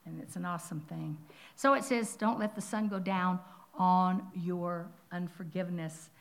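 Older woman, Bible teacher; animated, conversational sermon delivery with whispered asides. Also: on the low side, moderate pace. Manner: animated storytelling with sudden whispers and exclamations.

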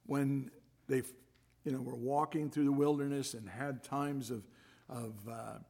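A man preaching a sermon, reading scripture and praying in an unhurried, halting way with fillers. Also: mid-range voice, steady tone, mellow. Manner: slow, gravelly delivery with hesitant fillers. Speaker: pastor.

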